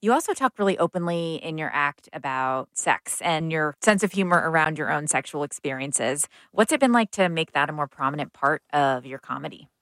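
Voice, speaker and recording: Low-voiced woman interview host. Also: no echo. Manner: calm, measured questions. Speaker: radio host. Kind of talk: interview hosting.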